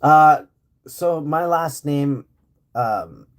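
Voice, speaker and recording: A man's voice: fairly high pitch, very slow. A man chatting casually and rambling on a live stream from home, with lots of fillers and easy laughter. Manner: rambling, laid-back, laughs often, many fillers. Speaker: livestream host. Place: home in rural area.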